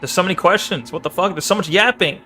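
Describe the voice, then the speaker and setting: A playful young man commenting as he streams a game. His voice sits fairly high. A faint hum runs behind him. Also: quick pace, sharp tone. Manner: playful, chatting to viewers by name. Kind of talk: live gameplay commentary.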